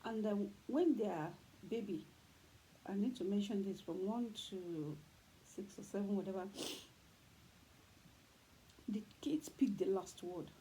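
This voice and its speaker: A woman's voice: mid-range voice, unhurried, pauses often, mellow, poor audio. A middle-aged woman with a Nigerian Yoruba accent, giving earnest parenting advice and repeating her points emphatically, with faint background noise. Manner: repetitive, preachy, emphatic. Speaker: parenting talk host.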